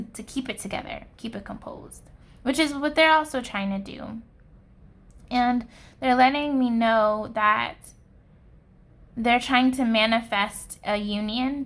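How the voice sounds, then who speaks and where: A woman giving a pick-a-card tarot reading with a slow, soft and earnest delivery. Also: fairly high pitch. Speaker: tarot reader.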